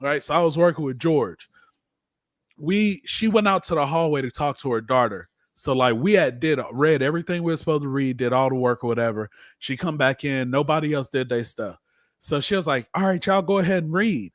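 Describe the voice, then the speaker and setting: A man's voice: medium pitch, a little fast, no echo. Man telling a school story, dry close sound. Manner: animated, acts out quoted voices. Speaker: podcast co-host. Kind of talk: casual storytelling chat.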